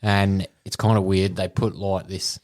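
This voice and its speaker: A man's voice: deep voice, level tone, unhurried, a little mellow. An Australian man, a podcast co-host, telling a crude story in casual chat and laughing through it.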